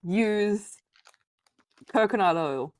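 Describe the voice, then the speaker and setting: A woman's voice: mid-range voice, lively intonation, very slow. A woman with an Australian accent, co-hosting a casual podcast chat and joking playfully. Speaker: podcast co-host.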